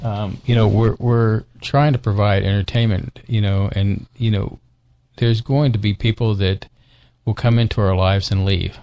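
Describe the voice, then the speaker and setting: A man's voice: on the low side, steady tone, normal speed, warm tone. A man co-hosting a live internet talk show, chatting casually and rambling with lots of fillers. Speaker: podcast co-host. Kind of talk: casual chat.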